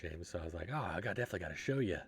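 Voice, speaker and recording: Relaxed low-voiced young man chatting. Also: racing, a little hiss or hum. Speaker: streamer. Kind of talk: casual chat to viewers.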